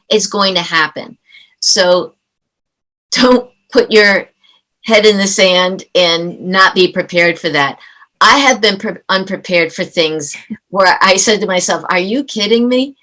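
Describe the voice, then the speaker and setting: A middle-aged woman with a bright, forward voice, talking as a parenting coach in an interview. She tells stories with animation and plays out the dialogue. Her pitch stays in an ordinary middle range for a woman. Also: poor audio. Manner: animated storyteller who acts out quoted dialogue. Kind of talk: conversational interview.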